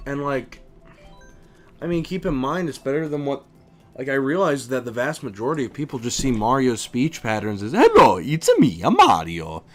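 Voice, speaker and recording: A young man streaming a video game, chatting casually in an animated, opinionated way, with lots of fillers and restarts. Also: medium pitch, normal speed, soft background music. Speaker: streamer and voice impressionist. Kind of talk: casual chat while gaming.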